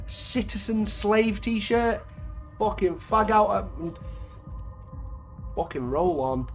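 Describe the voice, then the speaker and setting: Guy reading a story out slow, swearing and taking the piss between lines, bit of quiet music behind. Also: high-pitched, lively intonation. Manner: sweary, mocking asides between narrated lines. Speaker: channel host reading a story aloud. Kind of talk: reading an interactive story with reactions.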